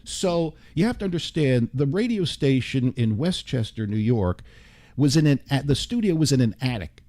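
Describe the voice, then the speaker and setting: Mellow-voiced older man telling radio stories. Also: medium pitch. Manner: animated anecdote-telling with quick asides. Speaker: radio broadcaster, guest. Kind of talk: storytelling interview chat. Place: radio studio.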